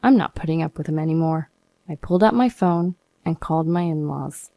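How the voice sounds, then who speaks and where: Woman narrating her own story, low mellow voice, fed up, dry close sound. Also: fairly quick, creaky, no room sound. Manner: aggrieved, frustrated storytelling. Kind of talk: first-person story narration.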